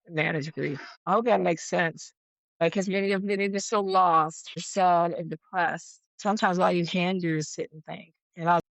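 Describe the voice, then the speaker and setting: A woman guest on a podcast, talking in a halting, reflective way and often repeating herself as she searches for words. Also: low-pitched, vocal fry, dry recording, muffled recording. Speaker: podcast guest, yoga teacher. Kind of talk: casual conversation.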